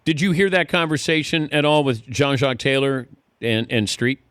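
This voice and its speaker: A man hosting a radio talk show, introducing a guest and prompting him with brisk questions. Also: medium pitch, fairly bright tone, smooth, dry recording, studio quality.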